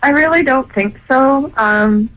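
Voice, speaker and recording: A woman's voice: sits high, a little slow, a bit bright. A woman on a radio phone call, speaking in an emotional, gushing way. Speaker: caller.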